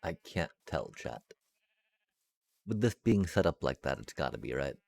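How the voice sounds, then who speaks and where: Very deep-voiced man streaming a build. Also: sing-song, moderate pace, creaky, pauses often, a little mellow. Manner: thinks aloud, hums little sound effects while working; addresses chat, muttering and trailing off. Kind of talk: casual live-stream commentary while building.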